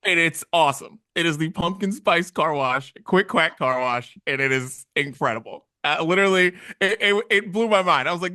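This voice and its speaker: A man co-hosting a podcast in casual chat, animated, acting out little quoted exchanges as he tells stories. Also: fairly high pitch, normal speed, few pauses, dry recording, clean studio sound. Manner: animated storytelling with acted-out quotes. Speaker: podcast co-host.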